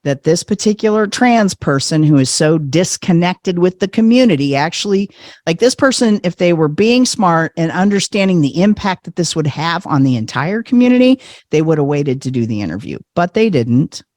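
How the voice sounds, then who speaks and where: A man, a podcast guest, telling a personal story in a casual, animated way, often laughing and acting out what others said. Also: on the high side, moderate pace, no echo, clean studio sound.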